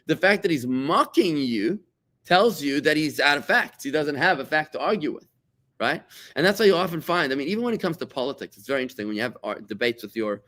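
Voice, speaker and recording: Animated man teaching a Torah class. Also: medium pitch. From South Africa. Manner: animated, repeats words while searching, acts out quoted voices. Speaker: rabbi.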